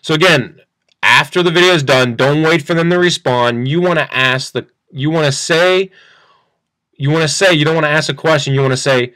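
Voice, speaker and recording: A man teaching a sales pitch in an upbeat, repetitive way, acting out both sides of a phone call. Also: fairly quick, pushed and bright, dry recording. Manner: upbeat, repeats phrases, acts out phone dialogue. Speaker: sales coach. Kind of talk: screen-share training talk.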